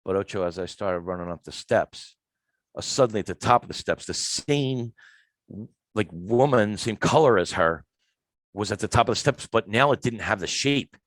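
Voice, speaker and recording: A man, a podcast guest telling a story in a lively, emphatic way and acting out the lines of the people in it. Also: fairly low pitch, normal speed, no echo. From Philadelphia, USA. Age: 50s. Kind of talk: casual storytelling.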